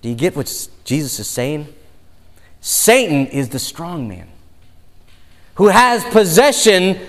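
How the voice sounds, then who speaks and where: Slow, animated male preacher. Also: high-pitched, long reverb tail. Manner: emphatic, drawn-out storytelling. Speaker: pastor. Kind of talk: sermon.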